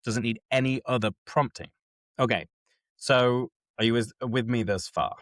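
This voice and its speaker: A man's voice: mid-range voice, moderate pace, no room sound. A man hosting a casual chat, explaining step by step and often checking that his co-host is following. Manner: animated, keeps checking in with listener.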